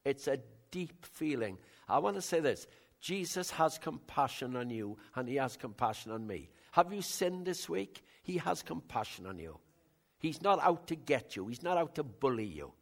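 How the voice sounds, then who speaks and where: An older man preaching a sermon in a conversational way, bantering with the congregation, with big swings in loudness. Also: mid-range voice, very animated, moderate pace, creaky. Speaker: pastor.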